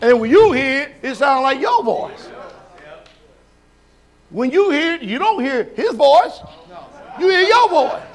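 Man preaching a sabbath sermon, really high voice, folksy and lively, keeps asking the church questions. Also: unhurried, pauses often, a faint crowd. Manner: folksy, animated, shouts and laughs; questions the congregation.

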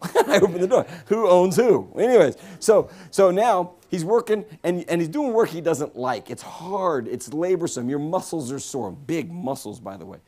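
A fairly high-voiced man preaches in a church sanctuary, joking with the congregation. His delivery is lively and bouncy, with big swings in pitch. He keeps it playful and talks straight to the people in the pews. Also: normal speed, few pauses. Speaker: guest preacher. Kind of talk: humorous sermon with audience interaction.

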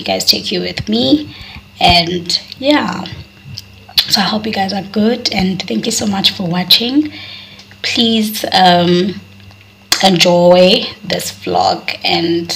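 A woman's voice: fairly low pitch, gravelly, background noise. A young South African woman with a South African accent, chatting casually to viewers in a vlog and often repeating herself. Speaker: vlogger.

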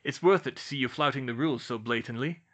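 A man's voice: medium pitch, fast talker, natural voice. A man voicing a cheeky, teasing teenage boy wizard in an audiobook. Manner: teasing, louder than narration.

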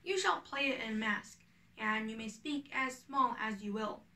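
A woman's voice: a little high, expressive, measured pace, bright, forceful tone, recorded from a distance, exaggerated voice. Peter Quince, a fussy play director, read by a woman. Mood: bossy. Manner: orderly, reads out names and parts. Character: fussy male carpenter directing a village play. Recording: echoey room, away from the mic.

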